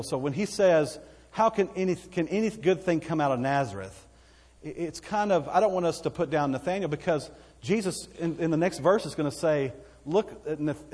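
Preaching to his congregation in a church sanctuary, a Texan pastor speaks in a somewhat high, darkish voice with a breathy edge. He's folksy and chatty, seeking amens, while long hall reverb surrounds his words.

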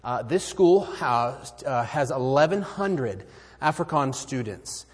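A man speaking as a missionary, making an earnest appeal in a sermon, swinging from loud exclamations to hushed near-whispers. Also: mid-range voice, expressive, slow pace, breathy edge, soft background music. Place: church sanctuary. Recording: hall reverb.

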